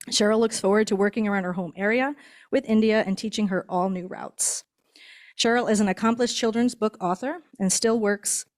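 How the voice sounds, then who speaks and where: Chatty woman giving a ceremony speech. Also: medium pitch. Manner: warm, chatty, laughs between introductions. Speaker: guide dog instructor. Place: indoor ceremony hall.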